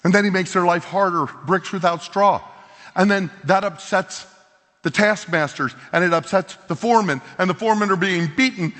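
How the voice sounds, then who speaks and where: A man preaching a sermon as pastor, animated and conversational, leaning into quoted lines. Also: high-pitched. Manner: animated, acts out voices of biblical figures in quotes. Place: church sanctuary. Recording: long hall reverb.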